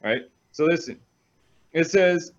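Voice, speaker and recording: Animated pastor, man, dull lo-fi sound. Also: a little high, slow pace. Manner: energetic, animated storytelling with asides. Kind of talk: reading scripture and preaching in a talk show.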